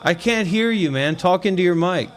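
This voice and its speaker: Blunt high-voiced man berating callers. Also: expressive, normal speed. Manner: blunt, profane, mocking, confrontational. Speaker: host of a meditation livestream. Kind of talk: live call-in Q&A.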